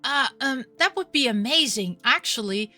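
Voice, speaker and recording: A woman's voice: sits high, animated, normal speed, sharp tone, no echo, soft background music, voice pushed up. A woman voicing a shy young woman just back home, answering in hesitant, stammering lines. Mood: flustered.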